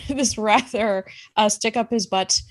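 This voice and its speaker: A woman's voice: fairly high pitch, slow pace, no room sound. A woman running a tabletop game, narrating with fillers and frequent laughs. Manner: hesitant, giggly, many fillers. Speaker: game master.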